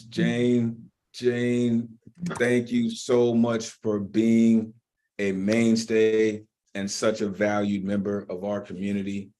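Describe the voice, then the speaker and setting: A man's voice: on the low side, a little mellow. A man hosting an online poetry open mic over a video call, effusive as he praises and introduces performers.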